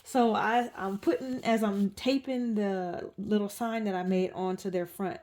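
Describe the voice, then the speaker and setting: A woman's voice: mid-range voice, fairly even intonation, unhurried, darkish tone, slight background noise. A woman telling a rambling story in a casual home vlog, full of fillers and restarts while she changes a doll. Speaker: reborn doll artist.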